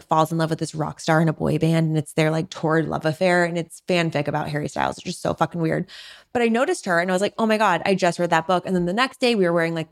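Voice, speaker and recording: A young woman hosts a podcast in a loose, chatty monologue. She fills her sentences with "like" and acts out the people she quotes. Her voice sits at an ordinary middle pitch. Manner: chatty, frequent "like", animated rants with acted-out quotes. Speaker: podcast host. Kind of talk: casual storytelling monologue.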